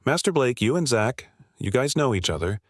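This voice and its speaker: A man voicing an excitable adult male fighter who fanboys eagerly. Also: medium pitch, moderate pace, no room sound, studio quality. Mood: excited. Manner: hyped, eager.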